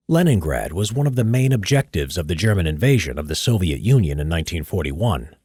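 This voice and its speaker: Low husky guy doing voice-over takes for a history channel, dry close mic, lively delivery. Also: no echo. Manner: relaxed chatter between takes, then measured read-through narration. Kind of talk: casual live-streamed recording session. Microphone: studio microphone.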